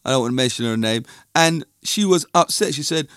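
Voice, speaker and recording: A man's voice: mid-range voice, expressive, fairly quick, a bit bright, smooth, no room sound, studio quality. A middle-aged man from London with a London accent, talking in a casual, rambling, opinionated monologue that drifts off topic. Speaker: music and dance teacher.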